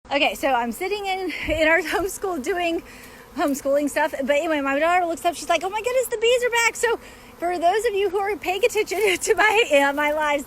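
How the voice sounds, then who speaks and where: A woman beekeeper talking chattily while filming in her backyard, excitable, laughing often and coaxing the bees. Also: high voice, slight background noise. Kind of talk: casual outdoor vlog narration. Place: backyard outdoors.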